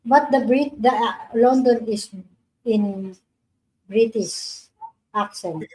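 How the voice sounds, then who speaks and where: A woman hosts a relaxed live-stream chat. Her voice sits a little high and she speaks slowly, pressing her questions with simple, phrasing. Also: slightly rough, low-quality recording. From Philippines. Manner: questioning, insistent, non-native grammar. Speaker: livestream host.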